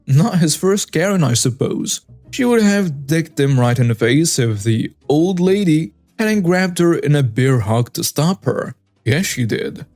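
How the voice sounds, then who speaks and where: A man's voice: medium pitch, a little mellow, dry recording. A man narrating a customer-service story in a wry, conversational way. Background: faint background music.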